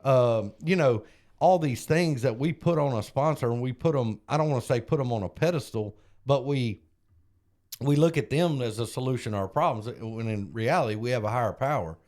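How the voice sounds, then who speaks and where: A man's voice: medium pitch, fairly quick. Earnest man telling a recovery story. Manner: earnest storytelling, animated when retelling conversations. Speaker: podcast co-host and sponsor. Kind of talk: casual recovery podcast chat.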